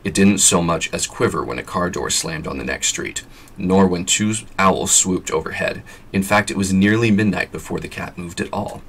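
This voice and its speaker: A man's voice: low voice, moderate pace, fairly bright tone, breathy edge. A man reading a novel aloud with a scratchy throat, adding chatty asides now and then. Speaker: vlogger reading an audiobook.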